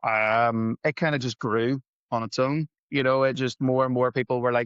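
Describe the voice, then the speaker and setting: Speaking at a normal speed in a clear, resonant, fairly bright mid-range voice with fairly even intonation, a musician and gig promoter tells stories as a podcast guest. He meanders, pokes fun at himself and voices the people he quotes. The audio is dry and slightly dull, with no room sound.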